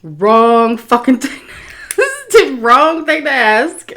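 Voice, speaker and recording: A woman food vlogger telling a story while she eats, animated, with swearing and laughter. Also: high-pitched, takes it slowly. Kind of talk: story time while eating.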